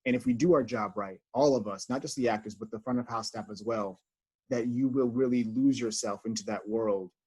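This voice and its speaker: A man's voice: fairly low pitch, fairly quick, a little mellow, slightly rough. A man talking earnestly on a video call as a theater house manager, reflecting with many fillers. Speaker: associate house manager, guest.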